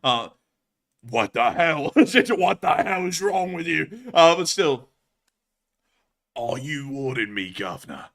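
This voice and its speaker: A man chats on a live stream in an excitable way, laughing often and breaking into loud outbursts. His voice is bright and lively, sitting a little high for a man. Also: takes it slowly, gravelly, pauses often. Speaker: livestream host. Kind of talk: casual live-stream chat.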